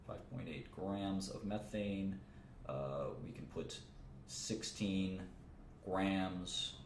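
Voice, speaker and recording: A man's voice: low voice, roomy sound, slight background noise. A man teaching a chemistry lesson in an informal way, thinking aloud, repeating phrases and adding casual asides as he works through problems. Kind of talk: informal livestream lecture.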